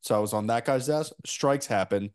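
A man's voice: medium pitch, normal speed, clear, resonant tone. A man from New Jersey hosting a casual podcast, telling stories in a blunt, profane way. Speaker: podcast host.

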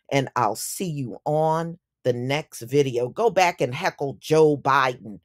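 A woman delivering an opinion commentary vlog, speaking emphatically and indignantly and repeating phrases for effect. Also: sits low. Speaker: YouTube commentator.

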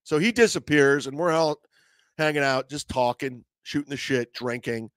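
A man hosting a comedy podcast, telling a profane, animated story in a casual way and acting out the voices of others. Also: medium pitch, moderate pace, no echo.

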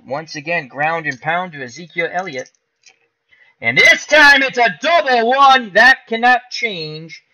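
Man, higher-pitched and very bright, casual play-by-play of a dice football game over dull lo-fi stream audio. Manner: casual, explains dice rolls aloud, excitable at big plays. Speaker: tabletop football game host.

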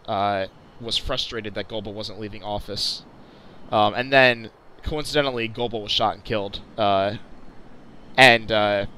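A man's voice: fairly low pitch, pushed and bright, slight background noise, poor audio. Chatty young man narrating a sim flight. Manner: chatty, lots of uh fillers and restarts. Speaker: video host. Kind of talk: casual flight sim commentary.

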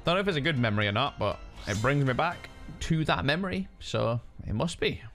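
Streamer guy, sweary and excitable, really bouncy pitch, quiet music behind. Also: fairly quick. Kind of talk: casual gaming stream chat.

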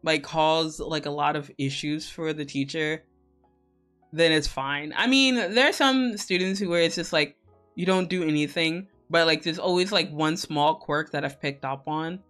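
A woman's voice: deep voice, moderate pace, fairly bright tone, soft background music. A young woman hosting a co-working stream, chatting casually with viewers in a rambling way, full of fillers, swearing and laughter.

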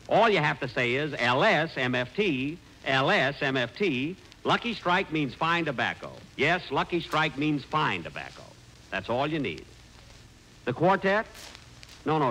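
A man's voice: fairly high pitch, pushed and bright, poor audio. A middle-aged man hosting a 1940s radio comedy, given to exasperated, indignant double-takes. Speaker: comedian host. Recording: hissy 1940s radio broadcast.

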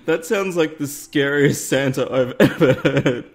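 A man's voice: medium pitch, a little slow, hardly any pauses. A man hosting a casual game tutorial, chatty and upbeat, often laughing at himself. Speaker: gaming YouTuber host. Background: faint game music.

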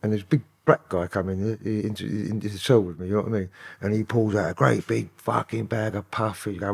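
A man's voice: fairly low pitch, fairly quick, creaky, darkish tone, husky. A man with a London accent, a podcast guest telling stories in profane, rambling street talk. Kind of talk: casual storytelling interview.

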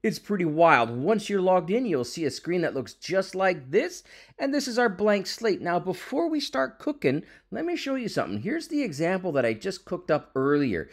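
A man walks viewers through a software tutorial in a casual, hyped-up way. His voice sits a little high and bounces around a lot. He keeps telling them how impressed they should be. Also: very animated, moderate pace. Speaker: tech YouTube host. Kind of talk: screen-recorded software tutorial.

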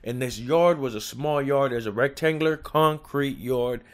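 A man's voice: mid-range voice, normal speed, smooth. Streetwise young man telling stories. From California. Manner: streetwise slang, laughs often, animated retelling. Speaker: storyteller. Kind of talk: casual storytelling.

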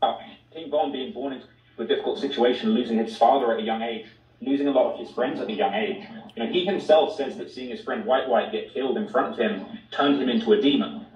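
A man defending his videos in a debate, explaining his view in a measured, careful way. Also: medium pitch, darkish tone. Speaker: YouTube documentary creator in a debate clip. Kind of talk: debate argument. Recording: distant roomy muffled clip audio.

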